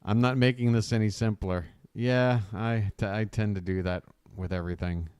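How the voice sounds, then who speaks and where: A man streaming a game live, griping, trash-talking his opponent and complaining about his bad luck in a casual, animated way. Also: fairly low pitch, normal speed, clear, resonant tone, no room sound, studio quality. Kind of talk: casual live-stream commentary while gaming. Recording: loud music playing behind. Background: loud music.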